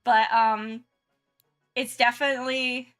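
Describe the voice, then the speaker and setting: A giggly young woman chats loosely as she draws on stream, her voice bright and a little high. She restarts often, and faint music plays behind her. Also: level tone, takes it slowly, clear, resonant tone. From Southern United States. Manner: chatty and giggly, many restarts and fillers. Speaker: art streamer. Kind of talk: casual chat while drawing on stream.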